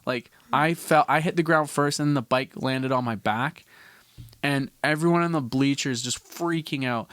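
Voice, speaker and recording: A man's voice: fairly high pitch, a bit bright, smooth, no echo, clean studio sound. Young man rambling through a story. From Canada. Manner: rambling, frequent restarts and casual swearing. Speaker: podcast host. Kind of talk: casual storytelling.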